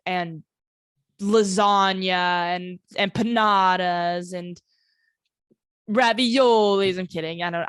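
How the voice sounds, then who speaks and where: A woman's voice: mid-range voice, fairly bright tone, no room sound, studio quality. A woman in her twenties hosting a solo podcast from her family home, telling a personal story in a candid, rambling way, with lots of "like" and free swearing. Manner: candid and rambling, heavy use of "like", swears freely. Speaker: podcast host.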